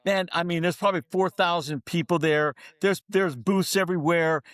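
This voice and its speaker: A middle-aged man, a keynote speaker, tells a story as a podcast guest and acts out each person's lines as he goes. His voice sits fairly high for a man. The sound is dry and close to the mic. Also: normal speed, dry recording. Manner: animated storyteller, acts out dialogue.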